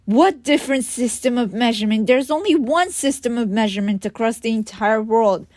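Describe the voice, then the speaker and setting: A woman voicing a panicked twelve-year-old girl who yells in shrill, frantic despair. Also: a little fast, no room sound, close to an everyday voice. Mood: indignant.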